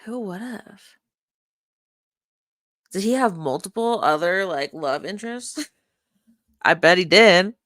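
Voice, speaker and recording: A woman's voice: lowish voice, animated, slow, pauses often, a bit bright, no room sound. A woman casually commenting while watching a past live stream, thinking aloud and unpacking what happened. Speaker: stream reviewer.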